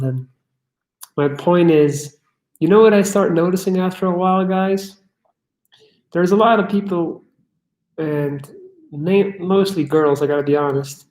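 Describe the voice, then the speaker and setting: A man's voice: fairly high pitch, darkish tone. A young man hosting a casual livestream, bluntly chatting and swearing as he answers chat questions. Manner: blunt, swears, reads chat aloud and riffs. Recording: echoey room.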